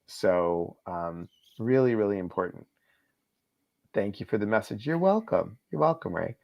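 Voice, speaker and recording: A man's voice: on the low side, expressive, unhurried, vocal fry. A man hosting a casual live-stream chat, reading viewers' comments aloud and answering them. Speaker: host. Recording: slightly dull lo-fi stream audio.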